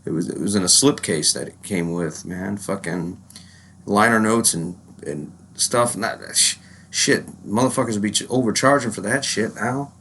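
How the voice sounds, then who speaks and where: A man's voice: on the low side, normal speed, fairly bright tone, a little hiss or hum. A man with a lingering cold, ranting casually and profanely to his viewers, rambling and dropping "man" constantly. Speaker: metal vlogger. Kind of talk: casual rant to camera.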